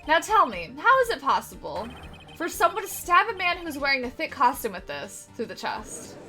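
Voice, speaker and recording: A woman's voice: high-pitched, huge pitch swings, moderate pace, sharp tone, faint music behind, heavily acted. A woman reading a confident defense lawyer. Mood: triumphant.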